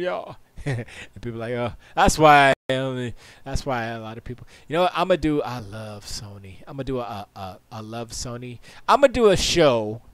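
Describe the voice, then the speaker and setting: A man's voice: medium pitch, dry recording. Man, livestream host, rambling casual chat, laughs often, tired, dry room.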